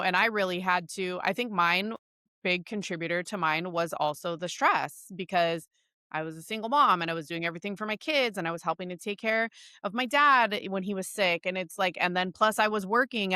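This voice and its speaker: A woman hosting a podcast interview, chatting in an animated, casual way and laughing as she talks. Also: mid-range voice, no echo, clean studio sound. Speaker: podcast host.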